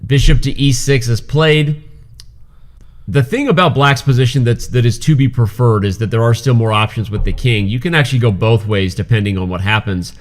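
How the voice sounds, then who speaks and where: A man commentating a live chess game, joking and animated, now and then slipping into playful voices. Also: medium pitch, fairly quick.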